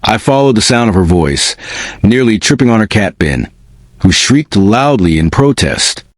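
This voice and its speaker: A man narrating a first-person spooky story in an expressive, unhurried way. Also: fairly low pitch, no echo.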